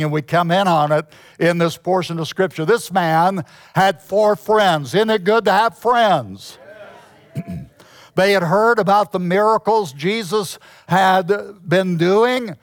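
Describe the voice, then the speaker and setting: A man preaching a sermon, reading scripture and talking it over slowly and deliberately, often clearing his throat. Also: high-pitched, dry recording, studio quality. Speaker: pastor.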